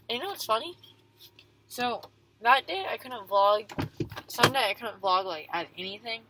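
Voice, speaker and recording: A woman's voice: mid-range voice, lively intonation, a little slow, background noise. Chatty young woman vlogging. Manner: chatty, rambling, playful. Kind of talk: casual vlog chat.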